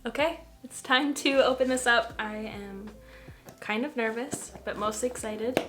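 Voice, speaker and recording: A young woman from Canada, a makeup vlogger chatting casually on camera, bubbly and gushing with excitement. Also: fairly high pitch, unhurried, faint music behind. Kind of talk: casual beauty vlog chat.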